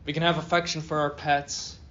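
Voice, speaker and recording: A man's voice: fairly high pitch, flat delivery, a little fast, fairly bright tone, lo-fi sound, a little hiss or hum. A male philosophy professor giving a classroom lecture, reading a text aloud and then joking with students and asking them questions. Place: university classroom.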